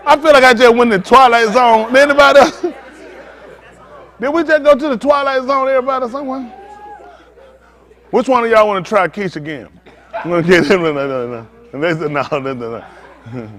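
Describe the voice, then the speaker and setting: A man's voice: very high voice, a little fast, pauses often, fairly bright tone, some chatter behind. A man preaching as a pastor, coaxing and teasing volunteers from the congregation in a playful way.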